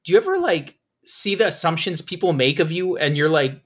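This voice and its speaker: A man's voice: a little high, animated, fairly quick. A man hosting a podcast in casual chat, rambling through stories with frequent swearing and laughter. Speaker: podcast host.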